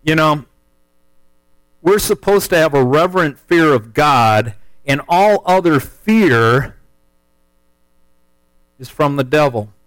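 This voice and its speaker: A man's voice: fairly high pitch, animated, slow, pauses often, no room sound, poor audio. Folksy man telling a story. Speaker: speaker telling a testimony. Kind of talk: storytelling sermon.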